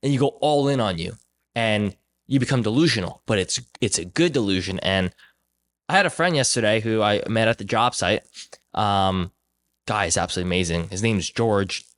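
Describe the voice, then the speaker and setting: A man's voice: on the low side, brisk. Young man telling a story animatedly. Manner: animated storyteller, acts out quoted voices. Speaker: podcast host. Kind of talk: casual conversational storytelling.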